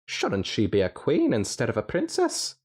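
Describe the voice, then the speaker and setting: A man's voice: medium pitch, huge pitch swings, moderate pace, a little mellow, slightly rough, pitched above the performer's own voice. A man doing a quizzical time-traveling stallion. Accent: attempted Scottish. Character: eccentric male time-traveling pony stallion.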